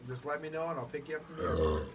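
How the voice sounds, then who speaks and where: A man co-hosting a podcast, chatting casually with loud swearing banter and frequent laughter. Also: on the high side, big pitch swings, fast talker. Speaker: podcast co-host. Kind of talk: casual chat. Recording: distant mic with background noise.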